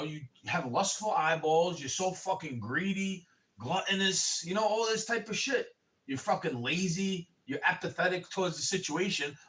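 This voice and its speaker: Ranting man, somewhat high voice, off-mic. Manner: rambling and profane, keeps saying "bro"; angry, rising to shouting in bursts. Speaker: livestreamer. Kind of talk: ranting livestream monologue. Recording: voice a bit far from the mic.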